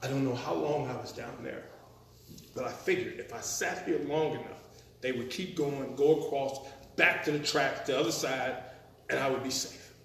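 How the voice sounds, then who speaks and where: A man telling a comic story at a live storytelling performance, animated and acting out the scenes. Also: mid-range voice, moderate pace, gravelly, a little hiss or hum. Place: performance venue. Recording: echoey room, mic at a distance.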